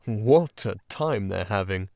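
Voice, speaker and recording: A man's voice: lowish voice, expressive, takes it slowly, vocal fry, darkish tone, dry recording, clean studio sound, heavily acted. A man voicing a placid, commanding male badger who leads his friends. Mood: calm. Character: stout gruff male badger, calm leader.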